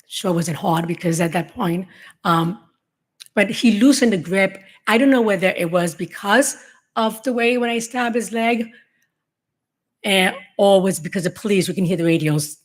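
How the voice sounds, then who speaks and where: A middle-aged woman telling her own story to a room of law enforcement, in a halting, emotional testimony full of restarts. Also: mid-range voice. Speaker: survivor giving a talk to law enforcement. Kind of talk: personal testimony speech.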